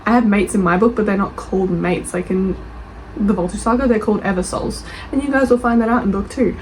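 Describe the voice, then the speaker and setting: A woman's voice: mid-range voice, a little fast, darkish tone, slight background noise, rough recording. A woman with an Australian accent, a book reviewer and author chatting casually as she reads reviews aloud, reacting defensively and swearing freely.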